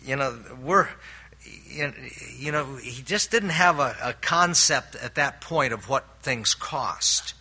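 Older guy preaching a sermon, really bright forceful voice, earnest, lots of restarts. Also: medium pitch, slightly rough. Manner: earnest, with homely stories and many restarts. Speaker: pastor.

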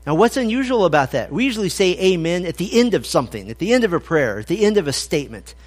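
A man's voice: high-pitched, big pitch swings, fast talker. A man preaching an expository sermon, conversational and emphatic as he quotes scripture. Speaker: pastor.

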